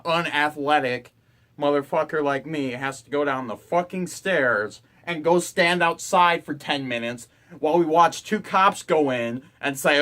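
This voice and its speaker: A man's voice: a little high, a little slow, pushed and bright. A young man and college student ranting to camera in his dorm room, exasperated and profane. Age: young adult. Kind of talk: ranting vlog.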